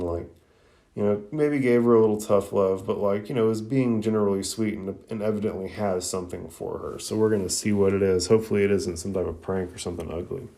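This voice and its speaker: Male podcast host, low mellow voice, laid-back chatty recap. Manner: conversational, with frequent fillers and crude asides. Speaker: podcast host reviewing an anime episode. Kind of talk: casual recap and commentary.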